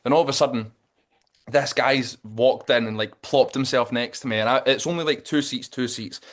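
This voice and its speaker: A young man co-hosting a podcast, telling a story in a lively, sweary way and acting out what people said. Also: medium pitch, normal speed. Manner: animated storytelling with lots of swearing and acted-out quotes. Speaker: podcast co-host. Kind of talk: casual chat.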